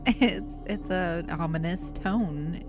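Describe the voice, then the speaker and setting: A woman's voice: lowish voice, takes it slowly, over music. A woman co-hosting a podcast, reacting to a story with teasing, amused remarks. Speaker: podcast co-host. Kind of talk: casual chat.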